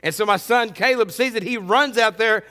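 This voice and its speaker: A man's voice: high voice, normal speed, sharp tone, in a large hall. A middle-aged man preaching a sermon as pastor, earnest and often repeating words.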